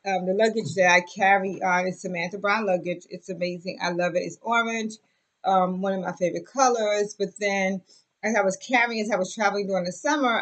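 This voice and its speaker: A woman's voice: medium pitch, a bit bright, poor audio. A young adult woman talking casually on camera, chatty and effusive, with lots of fillers and asides as she shows off a bag. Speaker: vlogger. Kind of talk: casual show-and-tell chat.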